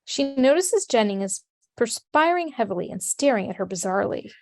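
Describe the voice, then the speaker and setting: A woman's voice: a little high, brisk, no echo. Woman reading stage directions, dry sound. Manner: steady, matter-of-fact reading. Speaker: narrator.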